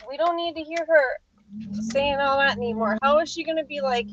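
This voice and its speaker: A woman's voice: sits high, normal speed. A woman co-host giving blunt, mocking, profane reactions to clips. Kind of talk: reaction banter. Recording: dull, dry sound.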